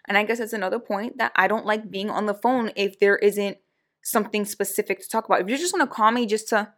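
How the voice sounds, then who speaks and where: A woman's voice: mid-range voice, fast. A young woman telling a story in casual chat, acting out what people said. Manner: animated, acts out quoted voices. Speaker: podcast co-host.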